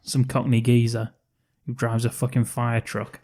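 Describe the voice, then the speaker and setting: A man's voice: medium pitch, completely flat delivery, normal speed, dark tone. A man, co-hosting a podcast and rambling through a film's plot, swearing and laughing as he goes. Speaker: podcast co-host. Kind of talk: casual film-review chat.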